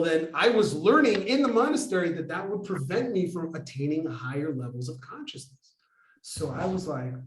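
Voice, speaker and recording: Animated male storyteller, acts out dialogue, slightly high voice, roomy echo. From United States. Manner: animated, acts out dialogue, asks the audience questions. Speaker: speaker. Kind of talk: personal story told to a live audience.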